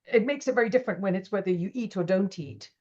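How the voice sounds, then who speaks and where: A middle-aged woman, a podcast guest telling stories in a lively, animated way and acting out quoted voices. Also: medium pitch, quick pace, muffled recording. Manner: animated, acts out quoted voices, laughs often. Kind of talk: casual interview storytelling.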